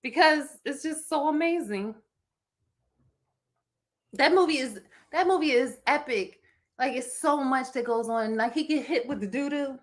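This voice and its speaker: A podcast co-host with a Philadelphia accent and a high voice talks on a live chat show. She's animated and emotional, breaking into song now and then.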